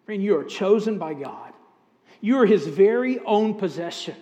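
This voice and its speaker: High-voiced pastor preaching in a reverberant hall. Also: male voice, animated, moderate pace, warm tone, muffled recording. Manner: earnest, direct address to congregation with scripture readings. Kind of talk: sermon. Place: church sanctuary.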